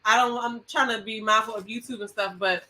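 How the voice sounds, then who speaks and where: A woman co-hosting a podcast in casual chat, animated and emphatic, laughing often. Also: on the high side, a little fast, low-quality recording. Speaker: podcast co-host.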